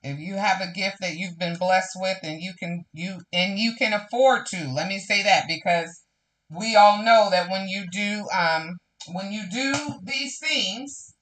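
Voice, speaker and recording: A woman's voice: mid-range voice, unhurried, a bit bright. A woman hosting a live crafting stream, chatting casually and slipping into preachy, faith-filled testimony to viewers. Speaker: crafting livestream host.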